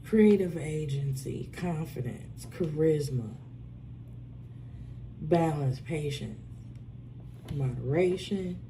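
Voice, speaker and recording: A woman giving a casual, profane tarot reading, swinging between loud outbursts and low muttering. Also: lively intonation, slow pace, pauses often, a little hiss or hum. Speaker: tarot reader.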